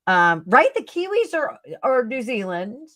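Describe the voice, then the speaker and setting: A woman's voice: a little high, sing-song, unhurried, a bit bright, no room sound. Chatty woman tarot reader on a live stream. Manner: chatty and rambling, with frequent fillers and self-corrections. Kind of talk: casual live-stream chat and tarot reading.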